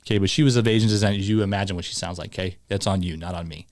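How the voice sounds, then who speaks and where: A man hosting a podcast, chatting casually and telling an animated, rambling story. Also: low voice, racing, no room sound, studio quality. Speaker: podcast host. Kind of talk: casual chat.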